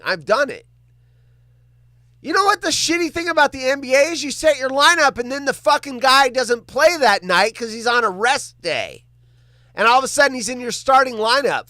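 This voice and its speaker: A man hosts a casual livestream and chats with his viewers, joking and cursing as he reacts to their comments. His voice sits high and swings widely in pitch, and the close, dry recording keeps it clear and near. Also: moderate pace, no room sound. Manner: animated, joking, swears freely. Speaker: livestream host.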